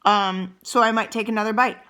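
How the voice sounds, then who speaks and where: Middle-aged female wellness coach, bright tone, gentle unhurried guidance, talks while chewing. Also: mid-range voice, fairly even intonation. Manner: eats and chews while talking. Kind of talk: guided mindful eating demonstration.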